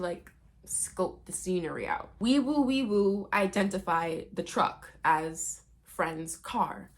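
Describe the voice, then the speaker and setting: A woman's voice: mid-range voice, fairly bright tone. A woman recapping a movie in a casual, playful and slangy way, chatting to her viewers.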